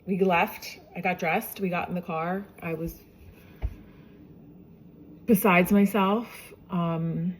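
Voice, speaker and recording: Woman, 40s, mother, low-ish voice; casual, chatty storytelling, often acts out what others said. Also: fairly even intonation, takes it slowly, long pauses, a little hiss or hum. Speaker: mother sharing her health story.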